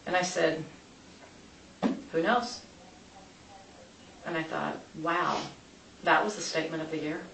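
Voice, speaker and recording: Woman interviewee, gravelly, rambling storyteller; far-off mic in a reverberant room. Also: low voice, a little slow, long pauses. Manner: rambling, many restarts and asides. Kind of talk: recounting events in a police interview. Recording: echoey room, distant mic, background noise.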